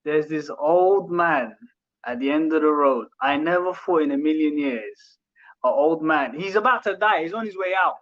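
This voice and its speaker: A man's voice: a little high, moderate pace. A young man casually telling a story with slang and laughs. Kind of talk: casual chat. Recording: dull muffled audio.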